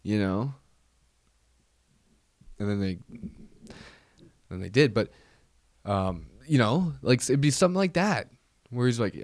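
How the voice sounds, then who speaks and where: A man's voice: medium pitch, lively intonation, a little slow, long pauses, a little mellow, no room sound, clean studio sound. A man hosting a casual solo podcast, rambling, with many restarts and trailing fillers. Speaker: podcast host.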